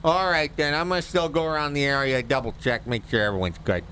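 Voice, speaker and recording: A man's voice: fairly high pitch, quick pace, a bit bright, slight background noise, pitched above the performer's own voice, close to an everyday voice. A man voicing a happy-go-lucky, oafish male tow driver who talks in a cheery, folksy way over the radio in a roleplay game.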